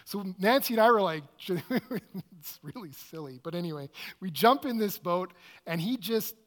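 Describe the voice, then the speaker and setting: A man with a somewhat high-pitched voice tells a personal story to listeners. He is an excitable, animated storyteller who speaks with open enthusiasm. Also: measured pace.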